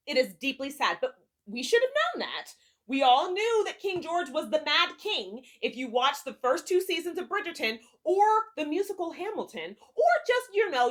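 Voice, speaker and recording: A woman giving a candid, casual on-camera TV review as a vlogger, talking emphatically and swearing freely. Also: high-pitched.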